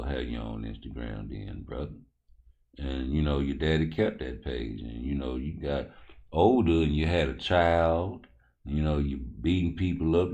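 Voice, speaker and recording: Deep-voiced man in casual boxing talk. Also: darkish tone. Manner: loose, profane, joking. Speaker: boxing show host.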